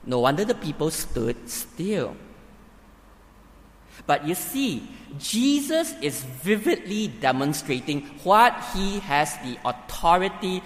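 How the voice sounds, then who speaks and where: A man preaching a sermon in a church hall, emphatic and building to forceful peaks. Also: on the high side, big pitch swings, slow pace. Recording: reverberant hall, faint ambience.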